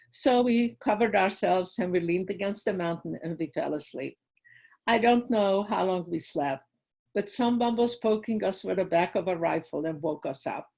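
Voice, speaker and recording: A woman's voice: fairly low pitch, vocal fry, darkish tone, husky, rough recording. An older woman giving personal testimony to a school audience, retelling her memories vividly and acting out the dialogue. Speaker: guest speaker at a school.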